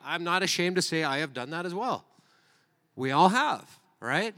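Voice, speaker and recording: Man, pastor, sermon, earnest, slightly high voice, long hall reverb. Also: expressive, normal speed, sharp tone. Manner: earnest, reads scripture then speaks freely with restarts. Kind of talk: sermon with scripture reading.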